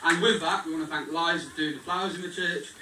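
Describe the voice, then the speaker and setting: Young groom thanking everyone, kinda high voice, far from the mic, loud crowd laughing behind. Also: male voice, fairly even intonation, fast talker, reverberant, noisy background. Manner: jokey, thankful, addresses the crowd directly. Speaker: groom giving a wedding speech. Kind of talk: wedding speech. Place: wedding reception hall. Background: guests laughing and chattering.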